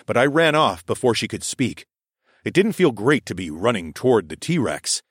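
A man reading a first-person adventure story aloud in a steady, even narrating manner. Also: fairly low pitch, dry recording, studio quality. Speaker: audiobook narrator.

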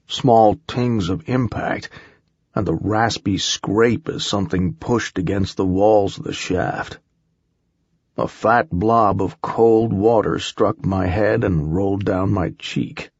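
A man narrating a first-person audiobook in a measured, unhurried storytelling manner. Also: on the low side, gravelly, slightly rough, no room sound, dull audio.

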